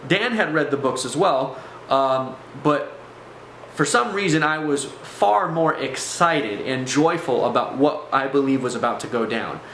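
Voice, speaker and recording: A man of ordinary pitch tells his own story to viewers in a loose, conversational way, stopping often to check that they follow. His voice rings in a room with a lot of echo. A faint hiss sits underneath. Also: expressive, measured pace, a bit bright. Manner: conversational, speaks straight to viewers with frequent asides. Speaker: personal testimony vlogger. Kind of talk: casual spoken testimony to camera.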